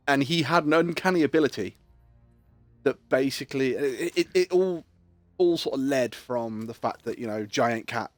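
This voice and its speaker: A man's voice: mid-range voice, no echo. A man, chatting casually on a game live stream as a rambling storyteller who swears freely.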